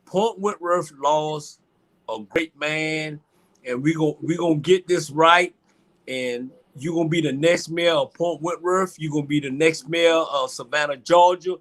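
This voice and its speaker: Tearful older man, voice a bit high. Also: fairly bright tone. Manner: halting, repeats words, says "man" often. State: crying. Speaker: show host. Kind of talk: emotional heartfelt tribute.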